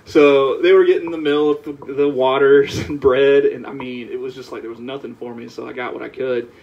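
Southern man, podcast guest, gravelly voice, lively anecdotes, slightly lo-fi. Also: medium pitch, brisk. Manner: animated storyteller, laughs while telling anecdotes. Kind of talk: casual storytelling chat. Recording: slightly dull, lo-fi sound.

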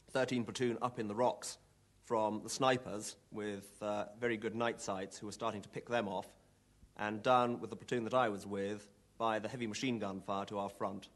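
A man's voice: on the low side, fairly bright tone. Understated man recalling combat. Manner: measured, understated, dry. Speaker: army company commander recalling a battle. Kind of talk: documentary interview recollection.

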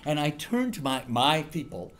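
A man's voice: a little high, moderate pace, a little hiss or hum. Middle-aged guy professor lecturing, tells stories, lots of ums, voice swoops up and down a lot. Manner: animated storyteller, many ums and restarts. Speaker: political science professor giving a guest lecture. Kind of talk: university lecture with anecdotes. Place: university lecture room.

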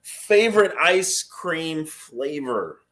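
A man, a teacher, asking questions in a casual chat, playful and quick to laugh. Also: fairly high pitch, very animated, a bit bright.

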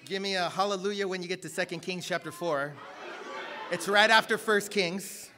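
High, bright-voiced energetic preacher man. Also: normal speed, a faint crowd. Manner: energetic, joking, shouts at peaks. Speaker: guest preacher. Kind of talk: sermon.

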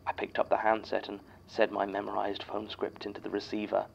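A gravelly, low-voiced archivist reads a statement in a measured, somber way. The recording is dull and lo-fi, with a faint hiss underneath. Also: male voice, monotone. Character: male archivist reading a written statement aloud. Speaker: narrator reading a statement. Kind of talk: scripted horror narration.

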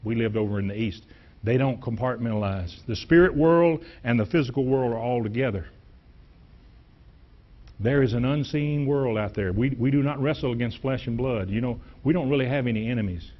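A middle-aged male pastor preaching in a church sanctuary, his voice rising and dropping sharply for emphasis, often repeating words as he builds a point. He sits at an ordinary pitch for a man. The recording sounds dull and lo-fi. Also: a little fast. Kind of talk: sermon.

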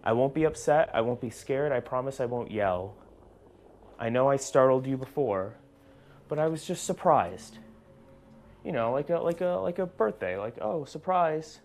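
A man filming a ghost-hunting vlog alone indoors in an old house, gently reassuring an unseen spirit and sometimes jumping with startled outbursts. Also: medium pitch, lively intonation, normal speed, slight background noise. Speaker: paranormal investigator.

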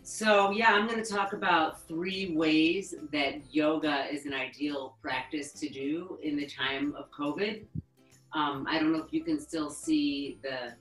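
A woman yoga therapist teaching a webinar lesson, calmly guiding breathing exercises and counting breaths. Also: deep voice, echoey room, faint music behind, poor audio. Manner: calm, instructive, counts breaths slowly.

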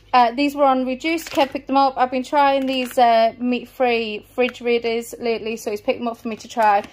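Breathless chatty mum. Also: female voice, sits high, slight background noise. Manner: chatty, rambling item-by-item listing. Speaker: mother showing a family grocery haul. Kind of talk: casual vlog chat. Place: family home, indoors.

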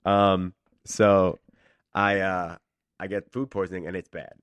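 A man's voice: deep voice, unhurried, smooth, no room sound, lo-fi sound. A man, an actor guest on a radio show, telling stories casually and acting out the voices of the people in them. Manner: animated, acts out quoted voices. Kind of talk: casual storytelling.

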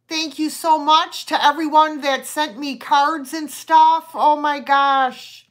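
Slow, bright-voiced chatty woman. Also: high-pitched, fairly even intonation. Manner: chatty and rambling, with many fillers and warm greetings. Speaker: online vintage seller hosting a live sale. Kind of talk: casual live-stream chat, greeting viewers.

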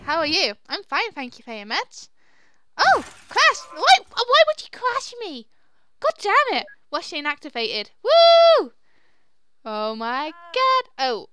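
A young woman hosting a let's play, reacting excitably to the game with squeals and laughter. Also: sits high, dry recording. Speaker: gaming channel host. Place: home room at her dad's house.

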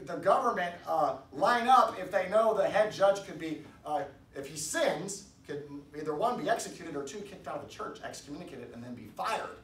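A man preaching a casual sermon in a church, rambling with restarts and loud emphatic bursts. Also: on the high side. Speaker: pastor. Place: church hall. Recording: echoey room, distant mic, faint background noise.

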